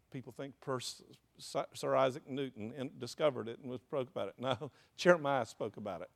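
A male preacher delivers a sermon in a lively call-and-response style. His voice sits a little high and has a gravelly edge. He keeps asking the room questions and answering them himself. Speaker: pastor.

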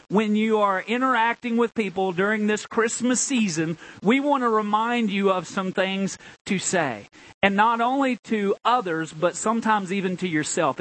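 A man, a pastor, preaching a sermon, swinging between emphatic, drawn-out lines and low, conversational asides. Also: a bit bright, rough recording.

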